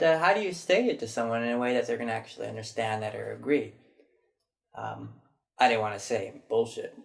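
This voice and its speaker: A man's voice: mid-range voice, gravelly. A man vlogging in a chatty, reflective way, recounting people's answers to a question and mimicking them as he goes. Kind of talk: casual storytelling monologue.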